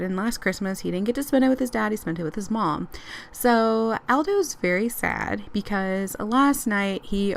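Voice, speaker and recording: A woman's voice: mid-range voice, gravelly. A woman casually narrating the story of her life-simulation game in a chatty, rambling way, with many fillers and frequent laughs.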